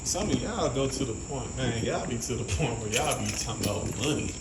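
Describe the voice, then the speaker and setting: A man rants to his viewers in a blunt, profane, exasperated way, with no filter on his language. His voice sits at an ordinary middle pitch. The sound bounces around an echoey room with loud noise behind it. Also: animated, brisk. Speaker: vlogger. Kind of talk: casual rant to camera.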